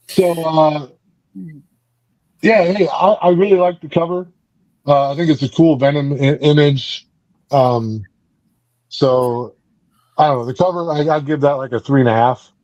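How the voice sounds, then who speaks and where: A man's voice: fairly high pitch, measured pace, pauses often, darkish tone, no echo, highs cut off. A man hosting a book club podcast, casually recapping and reviewing a comic in a rambling way, with many fillers and restarts.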